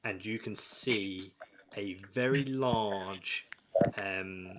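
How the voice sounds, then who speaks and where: Slow, halting man running a tabletop game. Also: on the low side, heavy background noise. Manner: slow and halting, many ums. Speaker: game master. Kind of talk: narrating an online tabletop game.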